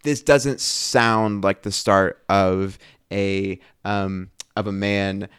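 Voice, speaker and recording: A man co-hosting a podcast, talking through a scripture passage in casual chat, animated and thinking aloud with many restarts. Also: deep voice, drawn-out words, clear, resonant tone, no room sound, studio quality. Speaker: podcast co-host.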